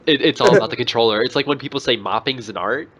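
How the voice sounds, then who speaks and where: A man's voice: medium pitch, quick pace, fairly bright tone. A young man co-hosting a podcast, talking casually and rambling with frequent laughter. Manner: giggly, rambling. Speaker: podcast co-host. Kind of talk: casual chat. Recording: dull lo-fi podcast recording.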